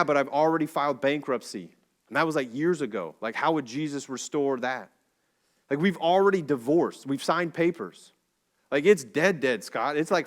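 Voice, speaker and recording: A man preaching a sermon in a church, telling a story in a casual, animated way with slang and jokey asides. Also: fairly high pitch. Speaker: pastor. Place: church sanctuary.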